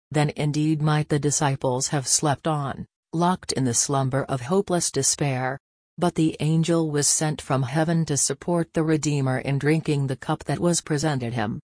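A woman reading a devotional religious text aloud in a measured, solemn narration. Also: deep voice, a little mellow, dry recording, clean studio sound. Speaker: reader.

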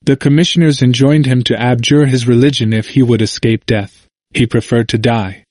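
A man narrating an old history in a measured, formal reading. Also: medium pitch, steady tone, a little mellow, no room sound.

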